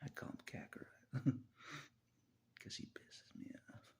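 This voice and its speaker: A man talking through a rambling personal monologue, chuckling often and dropping into half-whispered asides. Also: a little slow. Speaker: vlogger.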